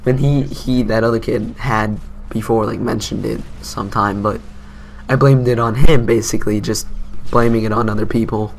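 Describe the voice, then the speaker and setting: A man's voice: fairly low pitch, fairly even intonation, moderate pace, vocal fry, a little hiss or hum. A teenage boy doing casual gameplay commentary, telling a story in a rambling, self-mocking way. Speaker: gaming commentator.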